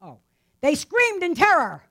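A woman's voice: very high voice, wildly swooping pitch, a little slow, bright, forceful tone. A woman teaching a Bible passage in a casual, conversational sermon, often asking her listeners rhetorical questions and adding "right?" to her lines. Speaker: preacher.

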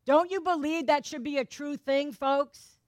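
A woman's voice: high voice, measured pace, dry recording. A woman preacher giving a sermon in a conversational way, questioning the congregation with playful asides.

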